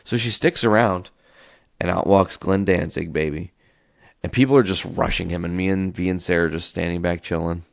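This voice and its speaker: Male solo podcast host, low gravelly voice, loose storyteller who swears casually, close mic. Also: moderate pace, no echo. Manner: animated, tells stories by acting out quoted voices.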